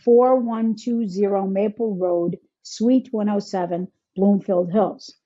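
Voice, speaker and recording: A woman's voice: mid-range voice, fairly even intonation, slow, mellow, a little hiss or hum. A woman from Michigan, a healer and coach, speaking in an interview and acting out inner self-talk in quoted voices. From Michigan, United States. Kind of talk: conversational interview. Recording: dull lo-fi sound.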